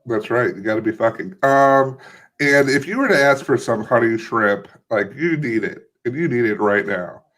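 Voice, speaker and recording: Lively young man joking on a podcast. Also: medium pitch, moderate pace. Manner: playful mock interviewer, swears freely. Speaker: podcast co-host. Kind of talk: casual comedic chat.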